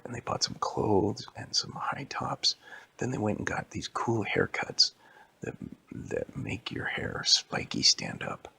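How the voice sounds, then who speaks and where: A man telling an improvised bedtime story in a hushed, mostly whispered voice. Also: lowish voice, measured pace, vocal fry, breathy edge.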